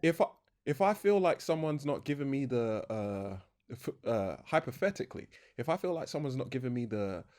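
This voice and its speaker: A man's voice: medium pitch, lively intonation, normal speed, darkish tone. A young man co-hosting a casual podcast chat, rambling, correcting himself and laughing often. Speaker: podcast co-host.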